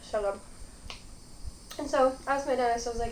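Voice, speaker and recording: A chatty young woman rambles through a casual eating vlog, her voice sitting a little high. The room adds a noticeable echo, with a faint hiss of background noise underneath. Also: fairly quick. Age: young adult. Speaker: mukbang host.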